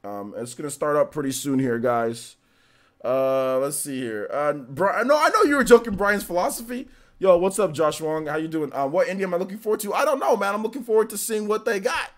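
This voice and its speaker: A man's voice: fairly high pitch, animated, a little fast. A man streaming live, greeting viewers from chat one by one and laughing at trolls in a casual, slangy way. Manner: shouts out chat names, trash-talks trolls, laughs often.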